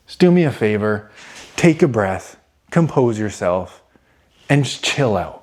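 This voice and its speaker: A man's voice: lowish voice, big pitch swings, unhurried, pauses often, darkish tone. A brash young man hosting a car vlog, talking casually with slang and swearing, sometimes mocking commenters in a raised whiny voice. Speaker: car channel host. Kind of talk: casual garage vlog talk.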